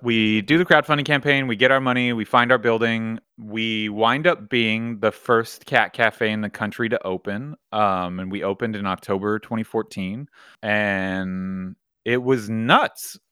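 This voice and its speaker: A man's voice: lowish voice, measured pace, clear, resonant tone, no echo, studio quality. A man, co-founder of a cat cafe, telling his story casually with lots of swearing and fillers. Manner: profane, animated, rambling with many fillers.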